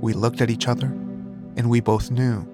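A man's voice: mid-range voice, level tone, moderate pace, natural voice. A man reading as a remorseful prisoner, trembling and firm. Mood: somber. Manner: trembling, restrained voice. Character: remorseful incarcerated man, quiet but firm. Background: background music.

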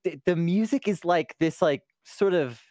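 A podcast guest chatting casually, animated, swearing and laughing easily. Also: medium pitch, moderate pace, no echo, studio quality. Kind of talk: casual chat.

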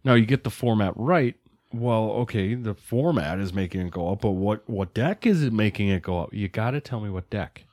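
A young man with a lowish voice runs a quiz segment on a casual podcast. He jokes and plays up a game-show delivery. The sound is dry and close, with no room around it. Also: lively intonation, fairly quick, darkish tone, dry recording.

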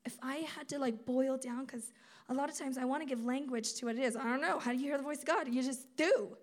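A woman giving a sermon at a conference, conversational and animated, acting out quotes as she teaches. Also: sits high, brisk. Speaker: speaker at a campus ministry conference.

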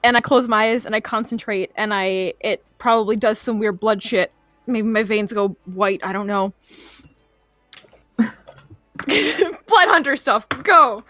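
A woman's voice: mid-range voice, fairly even intonation, moderate pace, no echo, soft background music. A woman playing a tabletop game, brash and casual, swearing freely as she describes her moves. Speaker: player. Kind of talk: tabletop role-play.

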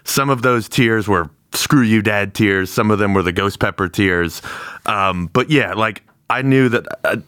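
A man's voice: lowish voice, unhurried, a bit bright, clean tone, dry recording, clean studio sound. A man playing a tabletop role-playing game, rambling playfully and laughing as he describes his character's actions. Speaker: player. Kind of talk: tabletop role-play chat.

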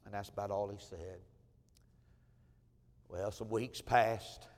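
In a church sanctuary, a pastor tells a personal story during his sermon, heartfelt and emotional, repeating many phrases. His voice is on the low side with fairly even intonation and a slow pace, carrying a big-room sound.

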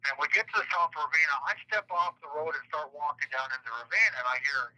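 A man's voice: on the high side, fast, bright, forceful tone. A middle-aged man recounting past events in an interview, rambling and repeating words, acting out the dialogue he quotes, heard over a phone line.

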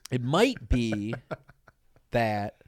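Rambling, animated podcast man. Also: mid-range voice, no echo. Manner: rambling, deadpan absurd bits with halting fillers. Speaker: podcast co-host. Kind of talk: casual comedic chat.

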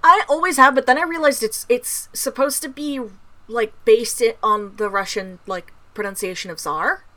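A woman's voice: fairly high pitch, moderate pace, bright, forceful tone. A woman co-hosting a casual podcast, blunt and swearing freely, laying out the episode format and correcting book details. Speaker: podcast co-host.

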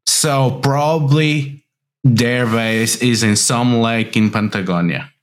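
With a mid-range voice, a man narrates as the game master of a tabletop role-playing game. His delivery is slow and hesitant, broken up by many pauses.

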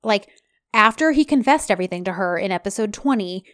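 A woman co-hosting a casual chat, retelling scenes from a TV series and quoting the characters with animated feeling. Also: mid-range voice, fairly quick, no echo, clean studio sound. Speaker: podcast co-host.

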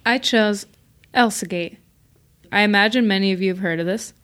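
A woman's voice: mid-range voice, fairly bright tone. Chatty woman podcast co-host. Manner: chatty, laughing, quick explaining. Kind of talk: casual podcast chat.

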